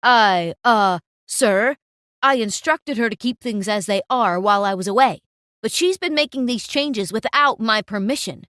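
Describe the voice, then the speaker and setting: A woman voicing a pompous male cafe manager who shouts at everyone, then begs, in a storytime narration. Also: fairly high pitch, a little slow, no room sound, studio quality. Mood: groveling. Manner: shouting, blustering then pleading.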